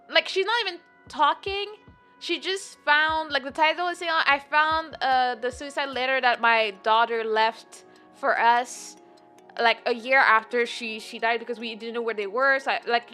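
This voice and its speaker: A young woman streamer talks loosely and animatedly to her chat, reading messages and riffing on them. Her voice sits high and sounds bright and forward. Quiet music plays underneath her. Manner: rambling, animated, reads chat aloud and replies. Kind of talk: casual live-stream chat. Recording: light music playing behind.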